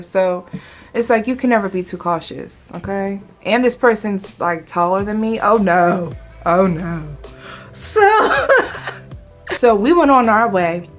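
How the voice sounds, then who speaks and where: A woman vlogger telling a dramatic story in a casual, animated, conversational way. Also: mid-range voice.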